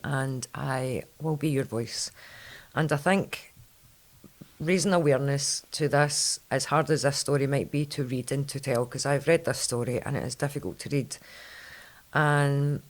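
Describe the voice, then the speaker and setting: Scottish woman host, rambly and quick, just chatting away on her pod. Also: a bass voice, fairly even intonation. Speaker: podcast host. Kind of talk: casual chat.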